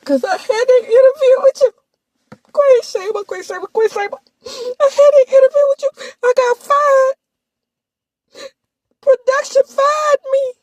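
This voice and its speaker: A woman's voice: steady tone, measured pace, long pauses, a little mellow. A woman putting on a weepy grown man who sobs and apologizes through tears. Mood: whining. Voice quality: high, tearful, wailing.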